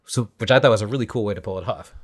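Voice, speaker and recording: A man co-hosting a casual watch-along podcast, his voice sitting a little low. He gives his opinions in a relaxed, easygoing way. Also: rapid-fire. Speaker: podcast co-host. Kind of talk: casual commentary chat.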